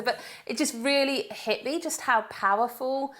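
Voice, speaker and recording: A woman's voice: sits high, unhurried. A British woman in her thirties co-hosting a parenting chat show, telling stories animatedly and acting out the dialogue. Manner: animated storyteller who acts out quoted dialogue. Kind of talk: casual studio chat.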